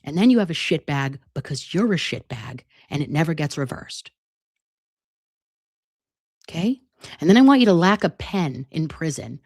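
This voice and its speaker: A woman's voice: sits low, darkish tone, dry recording, studio quality. A woman hosting a casual news commentary show, ranting with profanity and chatting directly to her viewers. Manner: profane, heated ranting with sudden asides.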